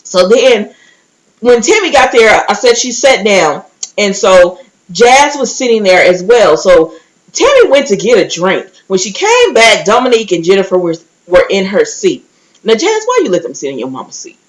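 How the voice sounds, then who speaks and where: A woman giving a casual, chatty recap, telling the story with animated asides and quickly acting out what others said. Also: mid-range voice, low-quality recording. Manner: quick acted-out quotes of others. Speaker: recap vlogger.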